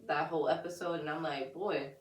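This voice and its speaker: Candid mom chatting in an echoey room. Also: female voice, low-pitched, steady tone, moderate pace. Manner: candid, laughs often, acts out her toddler's voice. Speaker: podcast co-host. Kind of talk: casual podcast chat. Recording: echoey room, distant mic.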